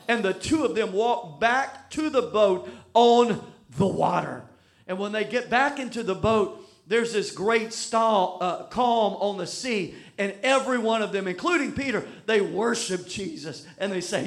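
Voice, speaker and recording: A man preaching. His voice sits high for a man, and he mixes self-deprecating anecdotes with emphatic, repeated lines of sermon. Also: expressive, unhurried, vocal fry. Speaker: pastor.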